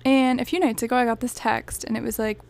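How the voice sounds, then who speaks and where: A young woman tells a story as co-host of a chatty podcast. Her voice sits a little high, and she is lively and animated. Her talk is loose and casual, and "like" turns up all the time. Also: quick pace, creaky. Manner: animated storyteller, heavy use of "like". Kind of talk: casual chat.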